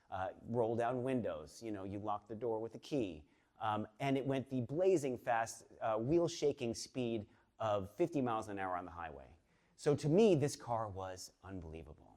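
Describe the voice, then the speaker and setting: Man, fifties, from the Boston area, live storyteller, animated, fillers and restarts. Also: mid-range voice. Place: stage before a live audience.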